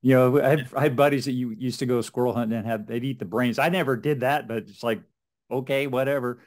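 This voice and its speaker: A man's voice: mid-range voice, fairly even intonation, fast. Man, interview host, casual, laughs easily, short encouraging replies. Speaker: podcast host.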